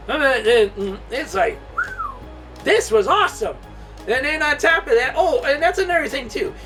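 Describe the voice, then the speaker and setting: High bright-voiced guy hyped up, swearing and laughing through a movie recap, mic far off, faint music. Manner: excitable and profane, laughs a lot, filler-heavy. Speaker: movie reviewer. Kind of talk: casual movie review vlog.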